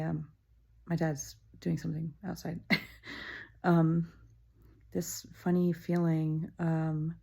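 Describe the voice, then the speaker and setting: A woman's voice: sits low, vocal fry, warm tone. A middle-aged woman talking to camera in her childhood home, musing aloud with wry, self-deprecating humor and frequent ums. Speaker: vlogger. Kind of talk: casual reflective monologue.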